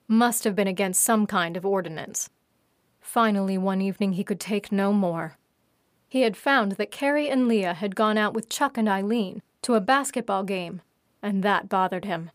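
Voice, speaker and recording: A woman narrating her own story in a steady, even reading voice. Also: medium pitch, moderate pace, no echo, clean studio sound. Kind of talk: audiobook narration.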